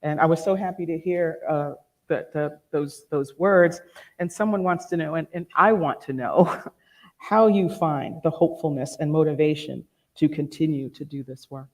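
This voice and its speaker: A man's voice: on the high side, moderate pace, a little mellow. A man moderating a live event, giving gracious, chatty thanks and passing on an audience question. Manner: gracious, chatty, with small restarts. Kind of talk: closing remarks and audience question.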